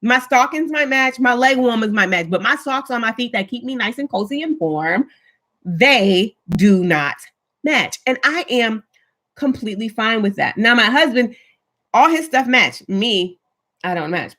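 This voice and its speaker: A woman's voice: a little high, animated, measured pace, a bit bright. A chatty woman hosting a casual livestream, talking emphatically and answering viewer comments. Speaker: livestream host. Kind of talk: casual live chat with viewers.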